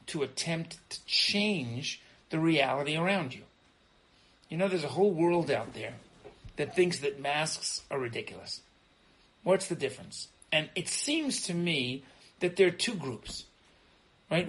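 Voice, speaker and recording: A middle-aged man teaching an informal Torah lesson as a rabbi. He is animated, repeats words as he starts sentences and keeps asking "right?". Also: fairly high pitch, poor audio. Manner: animated, frequently asks "right?".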